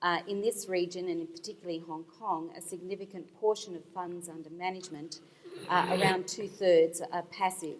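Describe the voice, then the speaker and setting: A woman panelist speaking as an institutional investor, explaining her points in a measured way with some fillers, at a conference. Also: on the low side, fairly even intonation, a little hiss or hum. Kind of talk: panel discussion remarks. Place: conference hall. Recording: long hall reverb. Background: hall reverb.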